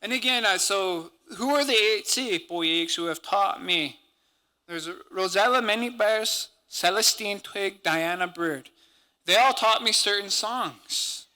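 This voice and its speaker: Man from Montana, high and very bright voice, earnest conference speaker. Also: unhurried. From Montana, USA. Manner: earnest, conversational, peppered with native-language words. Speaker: symposium speaker and language teacher. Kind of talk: conference talk.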